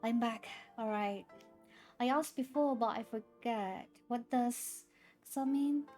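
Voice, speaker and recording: A young woman streamer chatting casually with her viewers, retelling things in a halting, rambling way with many restarts. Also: a little high, darkish tone, soft background music.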